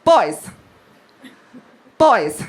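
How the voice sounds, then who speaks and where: A woman's voice: mid-range voice, sing-song, drawn-out words, pitched below the performer's own voice. A woman voicing a prim, earnest middle-class mother who calls to her boys in a coaxing sing-song.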